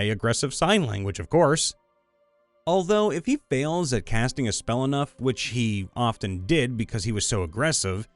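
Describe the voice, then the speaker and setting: A man's voice: medium pitch, no echo. A man, a voice actor, reading fan stories in a playful, upbeat, goofy way. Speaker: voice actor and story narrator.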